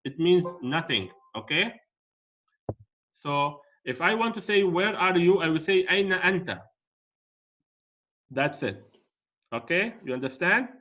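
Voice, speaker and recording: A man teaching a class, patiently explaining in slow, deliberate steps. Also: sits high, lively intonation, fairly bright tone. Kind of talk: classroom language lesson. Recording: dull lo-fi audio.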